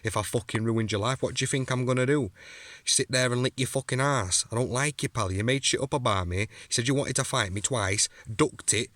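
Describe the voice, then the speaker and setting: A man's voice: mid-range voice, a little fast, a bit bright, no echo. A young man ranting angrily to camera at a rival, aggressive and sweary. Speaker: amateur fighter calling out a rival. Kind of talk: angry rant to camera.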